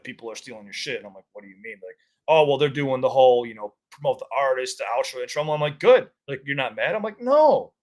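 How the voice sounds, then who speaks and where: A man talking in a loose, unscripted chat, his voice sitting at an ordinary middle pitch. He speaks candidly and swears freely. When he tells a story he gets animated. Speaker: content creator and co-host. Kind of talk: casual chat.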